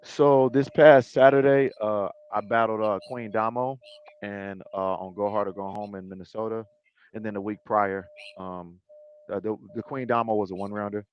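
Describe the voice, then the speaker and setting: A man guesting on a video call, talking casually about his work with halting restarts and laid-back slang. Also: fairly low pitch, steady tone, clean tone. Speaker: interview guest, battle rapper and league owner. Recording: dull lo-fi video call audio.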